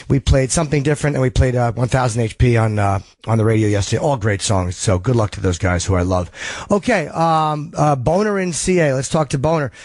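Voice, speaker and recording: A man's voice: a little high, dry recording. A man hosting a call-in radio show, chatting loosely with callers and reading ad copy in between. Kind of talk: casual call-in talk show. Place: studio.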